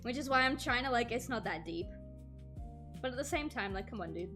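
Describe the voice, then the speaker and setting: A woman's voice: fairly high pitch, lively intonation, brisk, over music. A woman in her twenties chatting casually with her stream while drawing, telling stories with many "like" fillers.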